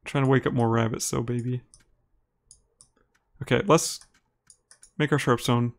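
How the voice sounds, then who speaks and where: A man with an Upper Midwest American accent streams a game live, talking casually with his viewers. His voice sits at an ordinary middle pitch, and his delivery is easygoing and chatty, with light laughs as he reads and answers chat messages. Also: a little slow. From Minnesota, United States. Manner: relaxed and chatty, laughs easily, talks to viewers by name. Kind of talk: live gameplay commentary, reading chat aloud.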